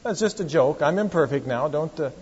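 A pastor, preaching a sermon in a storytelling, conversational manner with wry asides to the congregation. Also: male voice, on the high side, lively intonation, brisk, a little mellow, a little hiss or hum. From Oregon, USA. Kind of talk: sermon with anecdotes. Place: church. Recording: echoey church hall, dull lo-fi sound.

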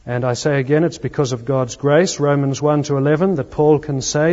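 A man preaching a sermon as pastor, earnest, with emphatic pauses. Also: on the high side, steady tone, a little mellow. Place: church. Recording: long church reverb, dull lo-fi sound.

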